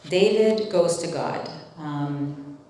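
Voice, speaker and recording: Here a woman with a low, dark voice draws out her words as she casually runs a Bible study, putting questions to the group amid plenty of fillers. A faint hiss or hum is audible, and the distant mic picks up a very echoey room.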